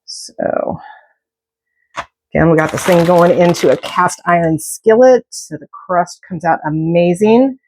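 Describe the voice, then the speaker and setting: A middle-aged woman chats while she cooks, drifting from one story to the next with jokey asides. Her voice sits fairly low for a woman. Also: measured pace, a little mellow, a little hiss or hum. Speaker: cooking vlogger. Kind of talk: casual chat while cooking.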